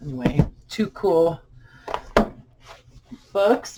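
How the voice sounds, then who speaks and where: A vlogger chatting casually and musing aloud in a soft, unhurried way while sorting through boxes at home. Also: medium pitch. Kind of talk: casual unboxing chat. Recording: clear background noise.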